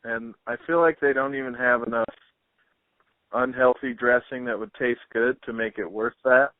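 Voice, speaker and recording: Chatty host on a tinny line. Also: male voice, medium pitch, fairly even intonation, moderate pace, no room sound. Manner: easygoing, chatty, many fillers. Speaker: podcast host. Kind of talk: casual interview chat. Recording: dry, tinny phone-like line.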